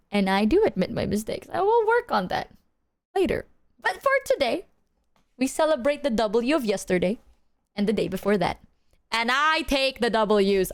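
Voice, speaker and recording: A young woman streamer chatting casually, telling an animated story and acting out the quotes. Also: fairly high pitch. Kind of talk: casual chat.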